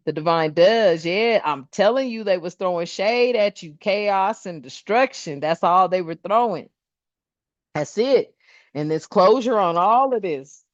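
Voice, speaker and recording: A woman's voice: medium pitch, dry recording, dull audio. A woman doing a casual spiritual tarot card reading, chatty and emphatic, with slangy asides and frequent laughs.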